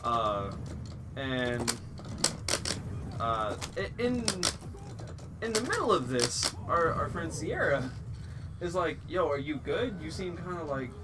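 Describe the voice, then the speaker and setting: A man spins a comic story in a lively voice that leaps up and down, pitched a little high, acting out every quote with plenty of swearing. He sits back from the mic, and steady background noise runs under his voice. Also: slow pace, long pauses, recorded from a distance. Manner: animated, profane, acts out quotes. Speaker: guest storyteller. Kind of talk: casual comedic storytelling.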